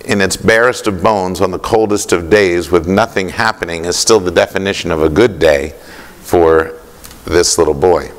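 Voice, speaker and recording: A man giving a keynote speech, telling a story with vivid detail and pauses. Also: deep voice, fairly even intonation. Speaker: keynote speaker. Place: conference hall. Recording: long hall reverb.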